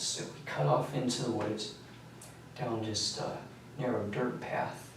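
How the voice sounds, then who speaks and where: Recounting events to police, the teenage suspect talks softly and hesitantly, full of fillers, from an interrogation room. His medium-pitched voice is gravelly, with fairly even intonation. Echo, a distant mic, and faint hiss mark the recording.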